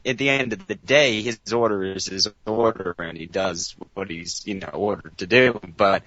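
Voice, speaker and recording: A man's voice: mid-range voice, sharp tone, no room sound. A man speaking as a guest on a casual podcast chat, rambling with many restarts. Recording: dry, dull lo-fi podcast audio.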